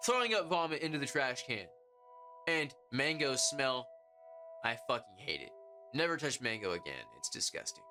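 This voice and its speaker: A young man hosting a podcast, telling a story in a casual, profane way and acting out quotes in high voices. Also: big pitch swings, moderate pace, pauses often, music in the background. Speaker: podcast host.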